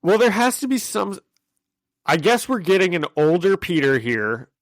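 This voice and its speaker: A man co-hosting a podcast, excitedly recapping a comic issue in casual chat, thinking aloud and laughing easily. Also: sits high, moderate pace, dry recording. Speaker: podcast co-host.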